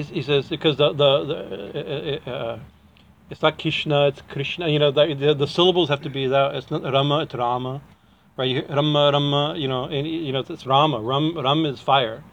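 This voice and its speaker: A man's voice: on the high side, highs cut off, a little hiss or hum. Chuckling man giving a casual devotional talk. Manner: chatty, frequent restarts and chuckles. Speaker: spiritual teacher.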